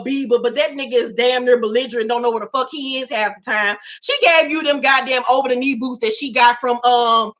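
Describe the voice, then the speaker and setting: A woman's voice: sits high, sharp tone. A woman hosting her own vlog, ranting about celebrity gossip in a profane, emphatic way and repeating lines for effect. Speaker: vlog host.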